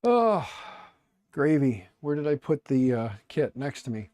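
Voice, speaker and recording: A man's voice: mid-range voice, very animated, a little slow, warm tone, no room sound. A middle-aged man chatting casually on a live stream while tinkering, joking and muttering to himself as he works. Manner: joking, self-mocking, rambling. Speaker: streamer building a 3D printer.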